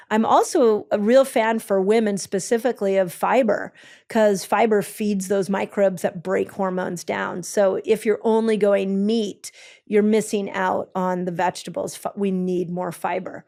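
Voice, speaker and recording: A woman with a gravelly, fry-edged voice at a middle pitch talks through health advice as an interview guest. She is enthusiastic and methodical, often restarting sentences. Her tone stays conversational throughout. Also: a little mellow. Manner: enthusiastic, explains step by step, many ums and restarts. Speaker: health expert guest with a clinic. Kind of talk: conversational explanation.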